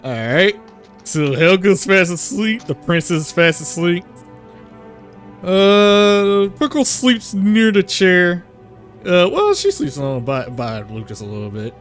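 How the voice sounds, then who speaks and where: A man's voice: high-pitched, sing-song, slow pace, a bit bright, soft background music. A man narrating a tabletop game as game master, rambling with fillers and laughs.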